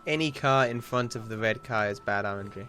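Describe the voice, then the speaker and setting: An Australian man commentating his own live speedrun, excitable and self-mocking, with frequent swearing. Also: fairly low pitch, fairly quick, slight background noise. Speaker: streamer.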